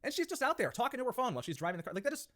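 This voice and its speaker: A man's voice: very high voice, big pitch swings, racing, fairly bright tone. A young man hosting reaction commentary, sarcastic and mocking as he talks. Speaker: commentary host.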